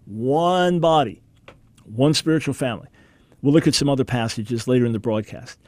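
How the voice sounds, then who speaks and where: A middle-aged man preaching on a broadcast, telling stories in a lively way and acting out the people he quotes. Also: normal speed, dry recording. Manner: animated storytelling, acts out quoted people with big pitch jumps.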